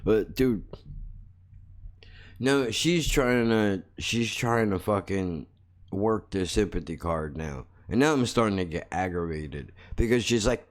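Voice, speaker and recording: A podcast host tells a story bluntly and casually, full of profanity and comedy, mocking himself and laughing at his own jokes. His voice is lowish and his pace slow.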